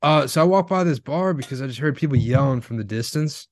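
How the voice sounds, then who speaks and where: Casual male co-host, rambling delivery, middle pitch, dry dead room. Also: animated, a little fast, dry recording. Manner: rambling, heavy use of filler words. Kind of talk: casual chat.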